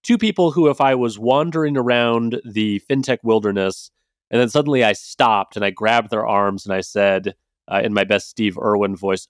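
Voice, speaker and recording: A man's voice: on the low side, fairly quick, clear, resonant tone, no room sound. Dry-sounding male podcast host. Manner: conversational, many fillers and restarts. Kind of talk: casual podcast talk.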